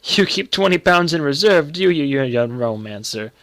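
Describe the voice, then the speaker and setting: A man's voice: on the high side, lively intonation, moderate pace, fairly bright tone, no echo. A man playing a jovial, teasing middle-aged uncle with a bluff, laughing manner. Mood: amused.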